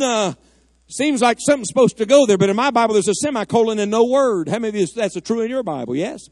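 Fervent high-voiced preacher. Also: male voice, lively intonation, a little fast, darkish tone, dry recording. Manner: fervent, emphatic, rising to cries of prayer. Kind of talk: sermon. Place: church sanctuary.

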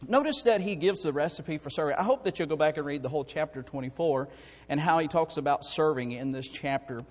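Man, high voice, pastor, sermon, restarts, jokes with the congregation, soft to loud, reverberant church hall. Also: fairly quick. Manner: swings from soft musing to loud, rising preaching with restarts. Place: church sanctuary.

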